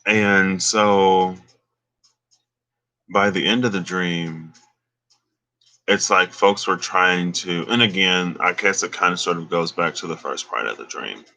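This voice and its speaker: A man with a low voice and a hard, bright edge tells a dream in an easy, offhand way. He drops slang and chuckles between thoughts, like a casual vlogger talking straight to camera. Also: slow, long pauses. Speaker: dream recounter. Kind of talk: casual storytelling.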